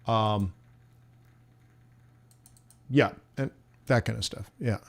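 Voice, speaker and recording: This forex livestream host has a fairly low voice with vocal fry, drawing out his words. He rambles casually and jokes at his own expense while chatting with viewers.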